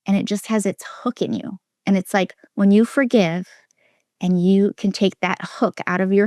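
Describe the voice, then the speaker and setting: A woman from Minnesota speaking as an interview guest, her voice dry and close with no room sound. She tells her story earnestly, circling back and restarting, and now and then sinks into a soft, almost whispered tone. Her pitch sits in an ordinary middle range. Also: steady tone, normal speed, no echo. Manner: earnest and emphatic, with frequent restarts and quoted inner voices; drops to a soft, near-whispered tone at heavy moments. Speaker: interview guest, relationship coach. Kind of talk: candid personal storytelling.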